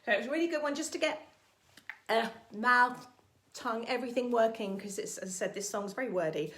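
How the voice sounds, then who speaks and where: A woman's voice: fairly high pitch, a little fast. A woman vocal coach, leading an online singalong lesson in a chatty, encouraging way. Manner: encouraging, chatty, sings warm-up exercises.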